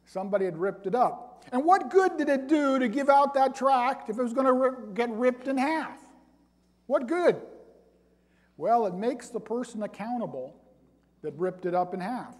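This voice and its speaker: A man preaching a sermon, reading scripture aloud and building to loud, emphatic points. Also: extremely high pitch, expressive, moderate pace. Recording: long hall reverb.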